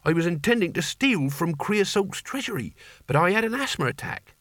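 A man's voice: sits high, sing-song, moderate pace, fairly bright tone, no echo, clean studio sound, voice pushed up. A man reading aloud, voicing a gangly, naive young man who earnestly wants to be a barbarian hero, in a raised voice. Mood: eager. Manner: eager, earnest and chatty.

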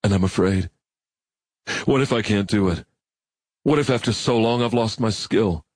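A man's voice: fairly low pitch, normal speed, darkish tone, natural voice. A man voicing a weary, anxious out-of-work man who talks in a worried, pleading way.

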